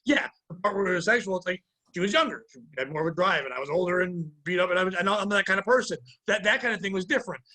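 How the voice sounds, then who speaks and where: A man's voice: sits high, rapid-fire, pushed and bright. A man in his forties co-hosting a podcast, telling long, rambling, profane stories in casual chat. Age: 40s. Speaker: podcast co-host, comedian.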